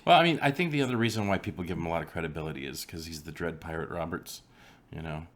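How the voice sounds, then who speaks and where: A man's voice: sits low, quick pace, fairly bright tone. A man co-hosting a casual chat, swearing freely and joking around. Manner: swears a lot, joking asides. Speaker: podcast co-host.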